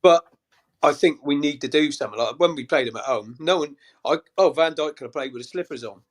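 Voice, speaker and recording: A man's voice: a little high, fairly quick. A man, a guest on a casual football fan chat, easygoing and prone to repeating himself. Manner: easygoing, repeats himself, calls people mate.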